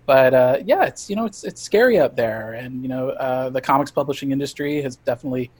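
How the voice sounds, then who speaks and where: A male comic writer as podcast guest, talking casually with many pauses and restarts. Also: medium pitch, darkish tone. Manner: halting, many fillers and restarts. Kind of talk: casual interview chat.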